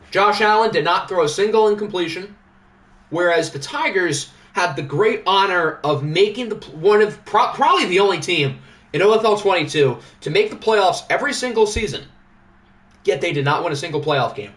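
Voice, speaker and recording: A man's voice: high-pitched, fairly bright tone. Chatty male sim-league stream host. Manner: chatty, joking, thinks aloud. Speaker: livestream host. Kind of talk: casual sports sim commentary.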